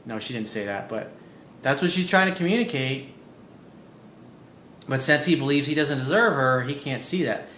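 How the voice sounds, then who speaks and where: A man's voice: medium pitch, expressive, moderate pace, pauses often, fairly bright tone. A man working as a dating coach, reading out a viewer's email and breaking in with blunt, profane, emphatic comments. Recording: roomy with faint background noise.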